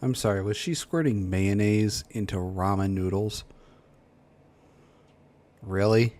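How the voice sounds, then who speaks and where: Low-voiced man with blunt, dry remarks. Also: slow pace, darkish tone. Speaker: reaction streamer. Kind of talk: casual reaction commentary.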